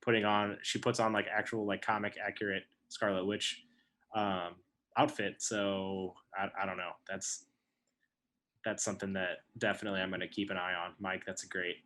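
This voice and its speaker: A man co-hosting a casual podcast, talking haltingly with many restarts. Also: low-pitched, little pitch movement, pushed and bright, slight background noise. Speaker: podcast co-host.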